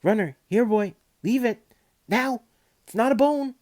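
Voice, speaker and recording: A man reading aloud voices an excitable schoolboy who talks breathlessly and shouts at his dog. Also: sits high, normal speed, clean tone, voice pushed up, natural voice. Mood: excited.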